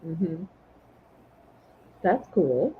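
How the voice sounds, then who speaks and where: Lively-voiced woman hosting a live sale. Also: sits low, drawn-out words, phone-quality sound, slight background noise. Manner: counts down bids, chimes in with short replies.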